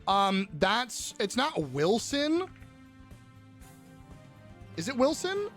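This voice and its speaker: Young guy streaming, super lively up-and-down voice, crude jokes, faint music behind. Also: very high-pitched, drawn-out words. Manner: crude joking, riffs loudly on chat. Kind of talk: casual live-stream chat, reading chat messages.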